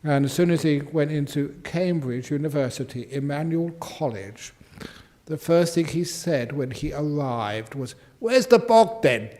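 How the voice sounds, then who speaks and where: A man's voice: a little high, measured pace, dark tone. An older man, a Buddhist monk answering questions in a humorous dharma talk, playfully acting out quotes and sound effects.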